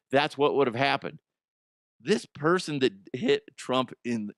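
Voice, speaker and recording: A middle-aged man hosting a comedic podcast monologue, telling stories animatedly and jumping into loud high exclamations. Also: gravelly, no room sound, clean studio sound. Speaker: podcast host.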